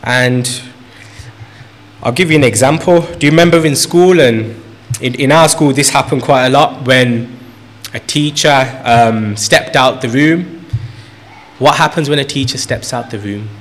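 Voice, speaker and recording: An earnest male preacher delivering a sermon at a mid-range pitch. He circles back over his phrases and lifts his voice to stress each point. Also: measured pace. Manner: earnest, repeats phrases for emphasis, rises in pitch on key points.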